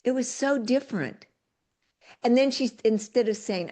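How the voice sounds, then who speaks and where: A woman's voice: on the high side, lively intonation, measured pace, a little mellow. An older woman giving a motivational talk as a real estate coach, emphatic, folksy and direct.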